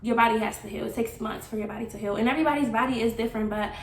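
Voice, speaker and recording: A woman's voice: a little high, racing, vocal fry, slight background noise. A young woman giving a candid vlog update, chatty and blunt, swearing casually. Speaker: vlogger. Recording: echoey room, slightly distant mic.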